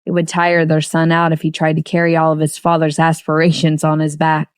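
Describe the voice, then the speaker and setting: A woman narrating an audiobook novel in steady storytelling. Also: sits low, fairly quick, dry recording, studio quality. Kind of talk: scripted narration.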